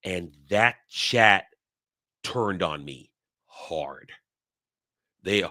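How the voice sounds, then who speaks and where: A man's voice: deep voice, lively intonation, extremely slow, pauses often, bright, forceful tone. A man hosting his own commentary channel, ranting bluntly and crudely in casual talk, with many restarts and mocking quotes. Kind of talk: casual opinion rant.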